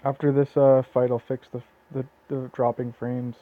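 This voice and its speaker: A man's voice: medium pitch, little pitch movement, normal speed. A man with a Southern Ontario Canadian accent doing casual gameplay commentary, rambling with lots of fillers and restarts. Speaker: let's play commentator. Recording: tinny lo-fi phone-like mic.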